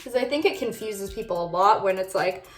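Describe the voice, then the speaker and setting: A woman's voice: mid-range voice, expressive, fairly quick, roomy sound, soft background music. A young woman vlogging casually while doing her makeup, bubbly and chatty with lots of "like" fillers. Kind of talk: casual get-ready-with-me chat.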